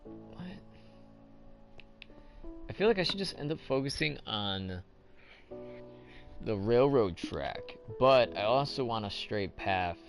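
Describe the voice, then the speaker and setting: A man's voice: mid-range voice, expressive, takes it slowly, pauses often, soft background music. A young man hosting a casual gameplay commentary, rambling and asking himself questions as he plays. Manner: rambling, thinks aloud, self-questioning. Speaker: let's play host.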